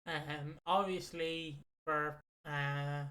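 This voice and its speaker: A man co-hosts a casual wrestling podcast, rambling through recaps, swearing, and laughing at his own stories. His voice is a little high, steady, bright, and forceful, and he speaks extremely slowly.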